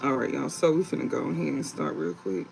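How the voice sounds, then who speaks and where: A young man hosting a live tarot reading stream, talking in a calm, low-key, casual way with slang. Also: brisk, gravelly, music in the background, poor audio.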